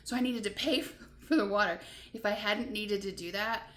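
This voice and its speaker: A woman's voice: medium pitch, moderate pace, a bit bright. A woman van-life vlogger casually telling a long story to camera, rambling with lots of "like" and "you know" and laughing between her frustrations. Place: motel room. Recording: roomy echo.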